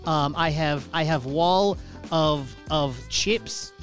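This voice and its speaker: A man's voice: fairly high pitch, takes it slowly, a bit bright, soft background music, pitched below the performer's own voice. A man playing a male Swedish club owner in a put-on Russian accent, talking in broken English. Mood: deadpan. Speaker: podcast co-host.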